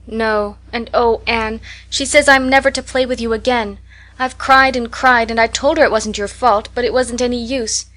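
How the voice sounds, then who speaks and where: A woman's voice: a little high, fairly even intonation, moderate pace, a bit bright, voice pushed up, natural voice. A woman voicing a devoted young girl who speaks mournfully and earnestly.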